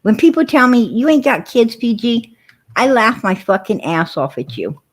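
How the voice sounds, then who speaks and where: Speaking at a moderate pace, this livestream host sounds a little high, very animated and slightly rough. She's an adult mother of four who swaps stories and spars with her viewers in blunt, profane, casual talk.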